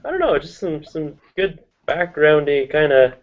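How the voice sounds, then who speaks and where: A man's voice: on the high side, sing-song, normal speed, dull audio. A man chatting casually as a guest, hesitant with many ums, making dry jokes. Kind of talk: casual group chat.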